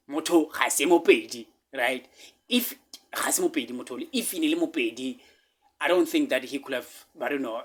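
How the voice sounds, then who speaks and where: A man with a South African accent telling a personal story casually, repeating himself emphatically and dropping to hushed asides. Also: on the high side, breathy edge.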